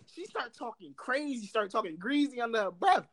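Young man, high voice, very lively pitch, casual storytelling, animated. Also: fairly quick. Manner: animated, laughing, loud impressions of others. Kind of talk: casual chat.

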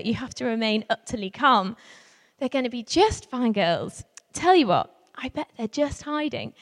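A woman stands before a live audience and spins a comic story about her work with young carers. She is chatty and quick to laugh at herself, with a slightly high voice. A long hall reverb trails after every phrase. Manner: chatty and self-mocking, laughing often. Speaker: young carers worker giving a talk.

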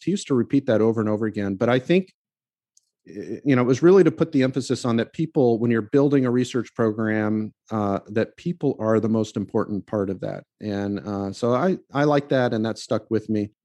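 A man's voice: medium pitch, mellow, no echo. A man co-hosting a podcast, speaking as a professor in an easygoing, conversational way with frequent fillers and restarts. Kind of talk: casual podcast chat.

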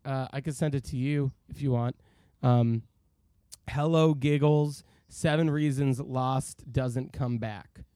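A man's voice: mid-range voice, fairly even intonation, takes it slowly, mellow, no echo. A man co-hosting a casual podcast, reading listener emails aloud and joking around. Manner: reads listener emails aloud, jokey, slips into silly voices. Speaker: podcast co-host.

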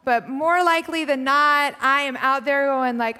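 A woman preaches in an easy, conversational way, her high voice sometimes sinking soft and quiet as she reflects. The sound rings out with the long reverb of a large church hall. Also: normal speed, hardly any pauses. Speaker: pastor. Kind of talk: sermon.

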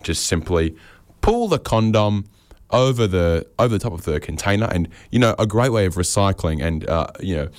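Man, lowish voice, dry close sound, rambling comic monologue with self-mocking asides. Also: lively intonation, moderate pace, dry recording. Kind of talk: comedic monologue.

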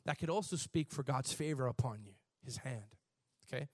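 A man preaching a sermon in an animated, conversational way, shifting from soft asides to shouts. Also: mid-range voice, moderate pace, dry recording. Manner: conversational, laughs and repeats words. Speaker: pastor.

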